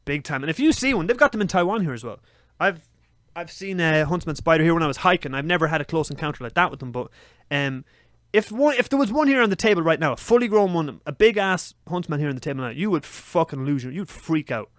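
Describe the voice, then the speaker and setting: A young man telling a story on a podcast, swearing freely and acting out his own frantic shouts. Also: a little high, lively intonation, fast, no echo, clean studio sound. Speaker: podcast co-host. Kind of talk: casual storytelling chat.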